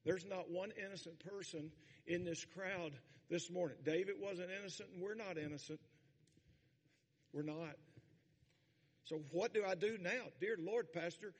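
A man's voice: high-pitched, measured pace, long pauses. Fiery older man preaching in a hall. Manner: preaches with sudden shouted peaks and folksy asides. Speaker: pastor. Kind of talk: sermon. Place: church sanctuary. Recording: long hall reverb.

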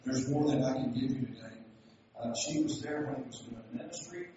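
A man preaching a sermon, telling stories and building to loud, emphatic passages. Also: mid-range voice, brisk, noisy background. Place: church sanctuary. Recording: echoey hall, from far off, dull sound.

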